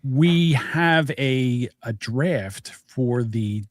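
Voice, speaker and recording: A man's voice: medium pitch, animated, extremely slow, no room sound, studio quality. A middle-aged man co-hosting a podcast, chatting casually in a rambling, self-deprecating, scatterbrained way. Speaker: podcast co-host. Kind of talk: casual chat.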